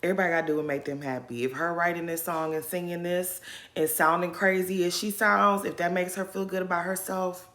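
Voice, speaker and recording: A woman's voice: lowish voice, fairly quick. A woman giving casual, shady commentary on a reality show, ranting with sass. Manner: sassy, shady, animated ranting.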